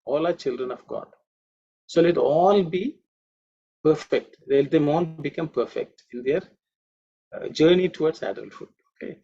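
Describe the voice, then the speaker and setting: Gravelly, husky man teaching Sanskrit. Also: on the high side, animated, dark tone, highs cut off. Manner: explains slowly, repeats chanted words, frequent "okay" and "you know". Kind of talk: online class lecture.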